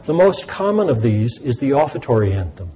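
A man teaching about sacred music in a measured, explanatory way. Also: mid-range voice, very animated, dark tone, breathy edge, poor audio. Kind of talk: scripted lesson narration.

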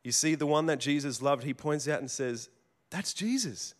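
A man's voice: mid-range voice, fairly even intonation, fairly quick. A man preaching a sermon in a conversational storytelling way, with casual restarts and asides. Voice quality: plain working tradesman's speech.

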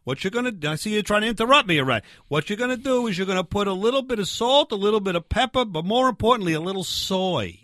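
Brash know-it-all grill guy, played by a man, high and bright, pushy, steamrolls everyone. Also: animated, fast, hardly any pauses, no echo, clean studio sound. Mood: bossy. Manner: pushy, interrupting, blustery. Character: brash loudmouth backyard barbecue guy. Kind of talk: improvised comedy sketch.

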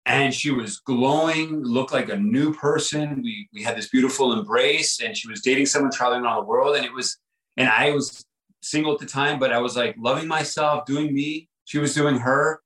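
A man's voice: medium pitch, normal speed, a bit bright, echoey room, poor audio. A man guest on a podcast, telling a personal story in an earnest, reflective way, often repeating himself and saying "like" and "right?".

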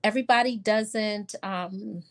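A middle-aged woman pediatrician in a casual podcast interview, chatty and quick to laugh, often acting out her talks with patients. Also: mid-range voice, fairly bright tone. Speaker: pediatrician guest.

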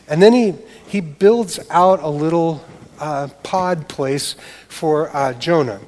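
A male pastor delivers a sermon in a lively, conversational way and keeps tossing in rhetorical asides. His voice sits slightly high for a man. A long hall reverb trails each phrase. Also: slow.

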